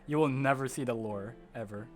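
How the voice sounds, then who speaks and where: A man speaking in a deadpan, monotone, sarcastic way as a regular in a casual podcast chat over an online voice call. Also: mid-range voice, fairly quick. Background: guitar music.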